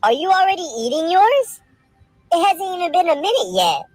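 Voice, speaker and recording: A woman doing squeaky excited kids. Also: a little fast, no echo, soft background music. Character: young children in a family skit.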